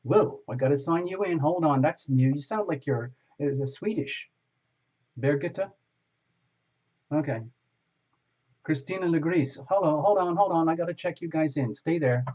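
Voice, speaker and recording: A man's voice: on the high side, moderate pace, long pauses, warm tone, lo-fi sound. Chatty man hosting a live tarot stream. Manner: chatty, greets viewers by name, laughs often. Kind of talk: casual live-stream chat.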